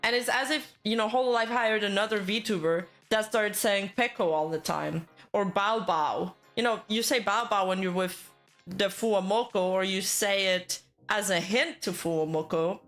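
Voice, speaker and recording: A woman's voice: mid-range voice, normal speed, fairly bright tone, faint music behind. A woman giving casual, rambling commentary on internet news, full of fillers and self-corrections.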